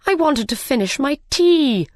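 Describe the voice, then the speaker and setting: A woman voicing a nervous, fearful man who sells hats, pitched higher than her usual reading. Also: animated, a little slow, dry recording, studio quality. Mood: anxious. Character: nervous male hat-seller, fearful.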